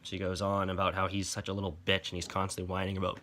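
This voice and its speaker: A man's voice: deep voice, monotone, fast talker, bright, forceful tone. Profane, sarcastic man ranting about comics. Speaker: comic book reviewer. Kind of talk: casual ranting review.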